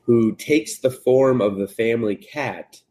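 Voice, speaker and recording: A man casually recapping an anime on a podcast, swearing freely and jumping into high voices when he quotes the characters. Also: measured pace. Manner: profane, animated retelling, jumps into high voices for characters. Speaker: podcast co-host.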